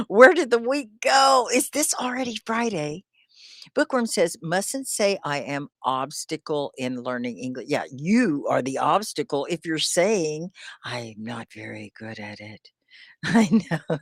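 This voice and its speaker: A woman teaching English on a live stream, speaking slowly and clearly with encouragement, often laughing as she talks to viewers. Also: low voice, dry recording, clean studio sound. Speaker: ESL teacher.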